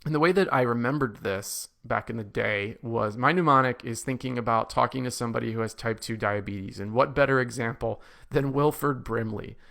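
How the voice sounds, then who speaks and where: Man lecturing on drugs, gravelly voice. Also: medium pitch, a little fast, few pauses, fairly bright tone. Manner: explanatory, repeats key points for emphasis. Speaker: medical lecturer. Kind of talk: recorded pharmacology lecture.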